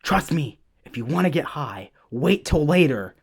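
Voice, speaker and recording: A young man voicing his teenage male friend in a hushed, coaxing way. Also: a little high, very animated, a little slow, creaky, slightly rough, heavily acted.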